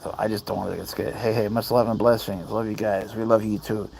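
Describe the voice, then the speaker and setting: A man's voice: lowish voice, little pitch movement, quick pace, vocal fry, darkish tone, slight background noise, low-quality recording. A man casually livestreaming outdoors at night with his cats, chatting easily and reading viewer comments aloud. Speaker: cat owner livestreaming. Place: outdoors at night among bugs. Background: crickets chirping.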